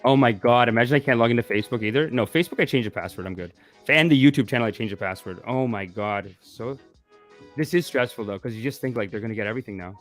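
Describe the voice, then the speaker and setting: A man, a spiritual teacher, chatting casually to his viewers in a live stream, animated and full of exclamations. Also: medium pitch, quick pace, faint music behind. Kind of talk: casual livestream chat.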